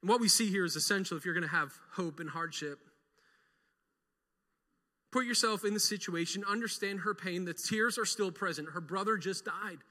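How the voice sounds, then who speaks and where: A man's voice: sits high, normal speed, sharp tone, in a large hall. A middle-aged male pastor preaching an emphatic sermon and leading the congregation in call-and-response.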